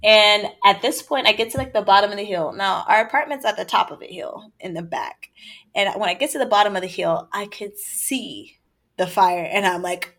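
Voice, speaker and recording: A young woman telling a personal story over a relaxed chat. Her voice sits at an ordinary middle pitch and she talks in a loose, animated way, tossing in quick asides and bursts of laughter. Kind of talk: casual story time.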